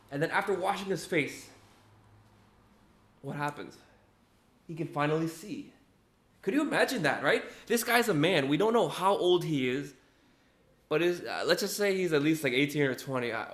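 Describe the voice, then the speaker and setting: A man's voice: on the high side, fairly bright tone. A young man giving a casual, conversational sermon, often checking in with "right?" and acting out what people said. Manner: conversational, keeps asking "right?", acts out quotes. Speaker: preacher. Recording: echoey room.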